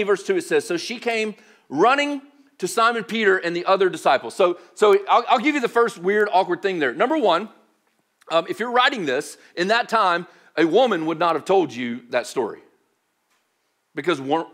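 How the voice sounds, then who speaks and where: Male pastor, high voice, chatty sermon, playful and full of filler words. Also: moderate pace. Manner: animated, joking, heavy use of "like". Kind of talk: casual conversational sermon.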